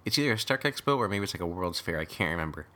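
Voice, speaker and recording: A man's voice: low voice, lively intonation, rapid-fire, bright, forceful tone. A man co-hosting a podcast, recapping a movie in casual chat and laughing often. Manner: laughs often, mocks the acting. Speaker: podcast co-host.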